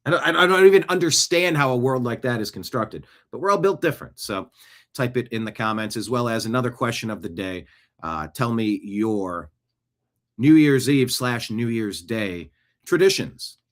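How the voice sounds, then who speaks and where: A man's voice: fairly low pitch, expressive, moderate pace. Sarcastic man hosting a political talk show. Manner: sarcastic, rambling, jokey. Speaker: show host. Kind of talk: political commentary monologue.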